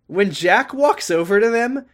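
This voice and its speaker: A young man co-hosting a casual chat, animated and exasperated, swearing often and acting out characters' lines. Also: sits high, measured pace. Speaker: podcast co-host recapping a TV episode.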